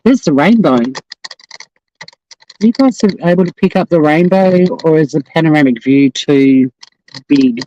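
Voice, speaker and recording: A man's voice: on the high side, animated, unhurried, pauses often, dark tone, muffled recording, a little hiss or hum. A man with an Australian accent, from Tasmania, hosting a casual live stream outdoors on the coast, profane and joking as he chats. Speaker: livestream host.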